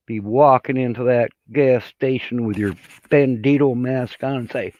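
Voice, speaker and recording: A man's voice: mid-range voice, moderate pace, darkish tone. A man hosting a casual livestream chat, rambling in a folksy way and laughing at his own jokes. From Michigan. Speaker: livestream host.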